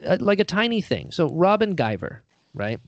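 A man's voice: high voice, sing-song, normal speed, lo-fi sound, slight background noise. A man, an actor and writer being interviewed, talking casually and rambling with lots of fillers, a little self-deprecating.

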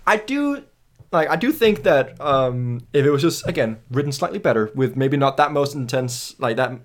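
A young Danish man with a Danish accent, co-hosting a film podcast and telling stories in a casual, animated way with casual swearing. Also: mid-range voice, moderate pace. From Denmark. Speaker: podcast co-host. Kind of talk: casual film review chat.

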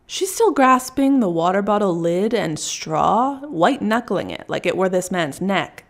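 A woman's voice: medium pitch, animated, unhurried. A woman narrating a first-person story in a wry, dry storytelling manner.

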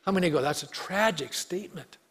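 A man preaching a sermon as pastor, reading scripture aloud with earnest emphasis and letting key lines fall slow and soft. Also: high voice, slightly rough, long reverb tail.

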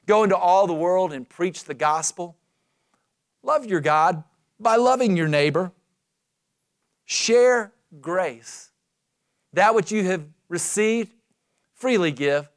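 Male pastor, high voice, emphatic dramatic sermon, slow stressed phrases. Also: clean tone.

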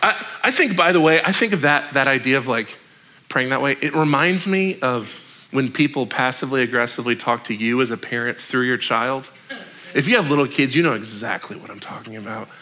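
Bright-voiced young male pastor preaching. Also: mid-range voice, expressive. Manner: conversational and joking, with quick asides. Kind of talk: sermon.

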